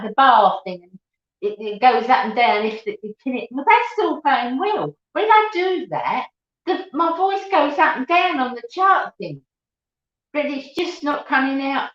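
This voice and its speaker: A woman's voice: high voice, very animated, a little slow. A middle-aged woman hosting a casual live chat, laughing often and greeting viewers by name. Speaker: live stream host. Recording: dull, roomy home recording.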